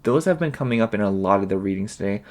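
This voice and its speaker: A man's voice: on the low side, expressive, fast, darkish tone. Rambling casual male tarot reader. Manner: rambling, filler-heavy, leans on "like" constantly. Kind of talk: casual pick-a-card tarot reading.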